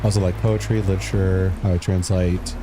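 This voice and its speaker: A man's voice: low-pitched, flat delivery, a little fast, noisy background. A young man streaming a game, chatting casually, reading chat aloud and muttering as he plays. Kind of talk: casual gameplay commentary.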